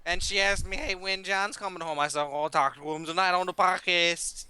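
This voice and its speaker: A man doing a boisterous Italian-American family man with a thick put-on accent, loud and pushy with a folksy way of talking. The voice sits a bit high and sounds bright and clear. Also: steady tone, normal speed, no room sound. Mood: pushy, jovial.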